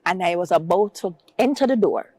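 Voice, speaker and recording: This guest speaks in an expressive, brisk, mellow voice, captured dry. Her story is personal and emotional, and when she quotes others she performs their words herself, climbing to a higher pitch.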